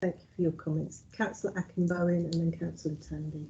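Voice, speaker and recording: A woman chairs a council committee and moves items along in formal, brisk phrases. Her voice sits slightly low, and clear noise runs under the recording. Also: level tone, highs cut off.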